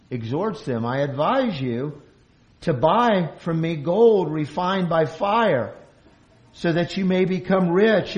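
A man's voice: fairly high pitch, dull audio. Earnest male pastor preaching a sermon. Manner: earnest, restarts phrases, acts out quoted boasts loudly. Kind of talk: expository sermon.

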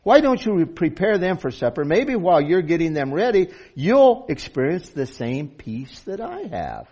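A man voicing Adam as a hungry young man who speaks in a slow, soothing, persuasive way. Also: fairly high pitch, very animated, a little mellow, slightly rough, full character voice. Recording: dull lo-fi recording.

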